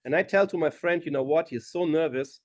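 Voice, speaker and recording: Rabbi telling a lively story. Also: male voice, fairly high pitch, a little fast, no room sound. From Germany. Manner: animated storyteller acting out quoted voices. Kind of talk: storytelling at a gathering. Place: gathering hall.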